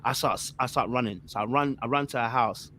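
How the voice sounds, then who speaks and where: A young man telling a story on a podcast panel. He talks in animated bursts of slang and keeps repeating himself. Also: mid-range voice, fairly quick, a little hiss or hum. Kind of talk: casual storytelling.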